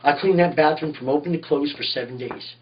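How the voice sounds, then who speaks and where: A man's voice: a little high, brisk, far from the mic, dull audio, a little hiss or hum. A man, a tattoo artist, telling shop stories in a rambling, profane way in a casual interview, often saying "you know what I mean".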